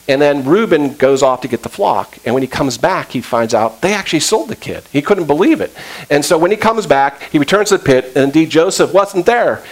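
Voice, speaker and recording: A man's voice: medium pitch, low-quality recording. A male pastor preaching a sermon, retelling a story with acted-out quotes and casual asides.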